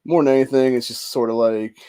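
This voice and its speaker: A man's voice: medium pitch, fairly even intonation, fairly quick, mellow, clean tone. A man in his forties venting in a rambling, profane monologue, emotional and stressed out. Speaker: vlogger.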